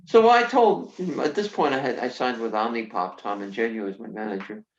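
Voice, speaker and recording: An older woman, a comedian guest in an interview, tells frank, lively stories, acting out quoted dialogue and swearing freely. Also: very deep voice, brisk, a little hiss or hum. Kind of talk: casual interview storytelling. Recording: roomy, muffled sound.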